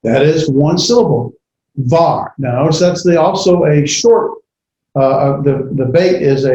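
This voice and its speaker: A man lecturing a class on grammar, pausing often with fillers and correcting himself. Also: medium pitch, mellow, a little hiss or hum. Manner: halting, many fillers and self-corrections. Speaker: Bible language teacher. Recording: echoey classroom, dull lo-fi audio.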